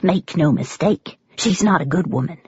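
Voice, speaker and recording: A woman's voice: on the low side, animated, moderate pace, a little mellow, slightly rough, no echo, lo-fi sound. A woman voicing a fierce, bitter older American country woman with clipped rural speech.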